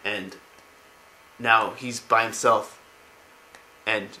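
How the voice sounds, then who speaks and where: Bright-voiced man casually retelling game lore. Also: fairly low pitch, flat delivery, drawn-out words, a little hiss or hum, rough recording. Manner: rambling, many fillers and restarts. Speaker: lore video narrator.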